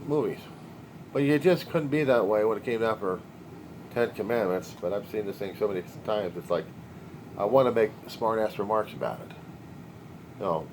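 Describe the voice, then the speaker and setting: A man rambles through his thoughts in a video diary, sardonic and quick to crack wise. His voice sits low but swings up and down a lot. A faint background noise runs under his talk. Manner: sardonic, wisecracking, wandering. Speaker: video diarist. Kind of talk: rambling personal monologue.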